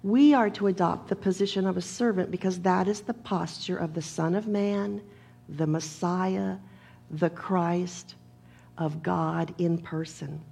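A woman preacher delivering a sermon in a measured, emphatic manner, leaning on repeated phrases and a gravelly voice. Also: lowish voice, a little mellow.

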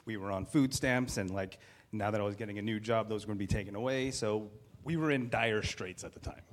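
Animated man in his thirties, low-pitched. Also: brisk. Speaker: guest sharing a personal story. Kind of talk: candid personal storytelling.

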